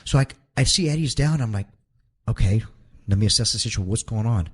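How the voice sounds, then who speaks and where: Interviewed as a guest, a wrestler tells a long story in a husky, slightly low voice, reliving each moment aloud. He talks fast with lively intonation, stumbling and repeating words along the way.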